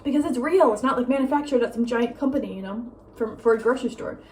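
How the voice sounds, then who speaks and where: A young woman vlogging at home in a casual, rambling chat, full of "like" and "um" and quick laughs. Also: on the high side. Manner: rambling, lots of "like" and "um", laughs often; breezy, drifts between loud and soft. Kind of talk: casual chatty vlog monologue.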